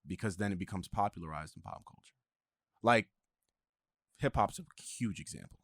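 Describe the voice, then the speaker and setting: A man's voice: deep voice, moderate pace, a bit bright, breathy edge, no room sound, clean studio sound. A man hosting a podcast in casual chat, thinking aloud with hesitant restarts. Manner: rambling, hesitant, restarts often. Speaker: podcast host.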